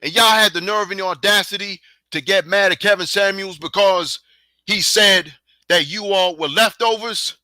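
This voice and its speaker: A man's voice: high-pitched, normal speed, sharp tone, no room sound. A man hosting his own podcast, delivering a heated, profane rant and taunting his listeners with repeated challenges. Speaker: podcast host. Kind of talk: angry solo podcast rant.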